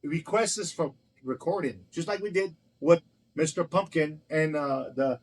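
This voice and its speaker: A man who runs a restaurant swaps stories in casual conversation, speaking bluntly and heatedly with plenty of swearing. His voice is a little high and his pace a little slow, and the recording quality is low.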